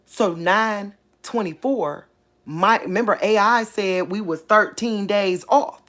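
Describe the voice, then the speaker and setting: A woman, hosting a casual faith channel, talking excitedly and thinking aloud, repeating herself as she works things out. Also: mid-range voice, takes it slowly. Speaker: online faith channel host. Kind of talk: casual livestream talk.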